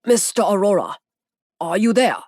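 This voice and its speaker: A woman's voice: medium pitch, sing-song, normal speed, a little mellow, dry recording, studio quality. A woman doing a worried heavily accented man. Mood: concerned. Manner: heavy accent, anxious questioning. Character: concerned man with a heavy accent on a call.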